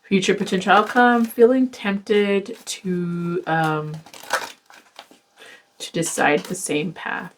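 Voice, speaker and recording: A woman's voice: lowish voice, fairly even intonation, takes it slowly, slight background noise, poor audio. A woman giving a casual tarot reading to camera, blunt and exasperated, swearing and lecturing her viewers. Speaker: tarot reader.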